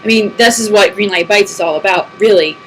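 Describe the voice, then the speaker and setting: A woman's voice: mid-range voice, a little fast, a bit bright, slight background noise, low-quality recording. A woman in her thirties, talking casually to her computer at home as she answers viewer questions, rambling and laughing often. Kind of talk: casual chat to camera. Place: empty house, alone at a computer. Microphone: computer mic.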